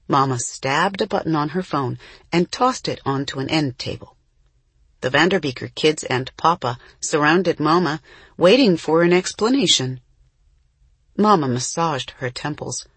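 A woman reads a children's storybook aloud in an even storytelling manner. Her voice is husky and a little breathy. The sound is dry and close, with no room behind it. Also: deep voice, moderate pace, no echo. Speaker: audiobook narrator. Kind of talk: scripted narration.

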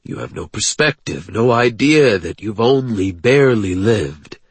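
A weary, kindly older male rebel leader, as a man reads him, gentle and fatherly with a quiet hurt beneath his words. His voice sits low and slightly husky, and he takes his time. It is close and dry, with no room sound. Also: lively intonation, a little slow, no room sound. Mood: earnest.

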